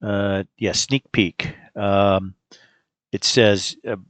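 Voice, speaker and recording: A man's voice: fairly low pitch, extremely slow, dry recording. Laid-back man demoing an app. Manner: relaxed, rambling with fillers and chuckles. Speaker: host demonstrating an app. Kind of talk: casual screen-recorded demo.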